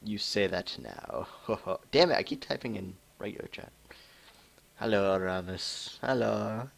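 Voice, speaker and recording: A man's voice: lowish voice, huge pitch swings, normal speed, creaky, fairly bright tone, breathy edge. A man casually commenting on his own match while streaming, joking and laughing often as he plays at home. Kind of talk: casual live game commentary. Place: home room with keyboard typing.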